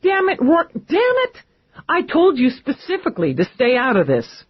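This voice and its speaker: A man's voice: very high voice, wildly swooping pitch, moderate pace, husky, muffled recording, pitched above the performer's own voice, exaggerated voice. A man voicing a tough, blunt female police lieutenant in an audiobook, with a brusque, exasperated delivery.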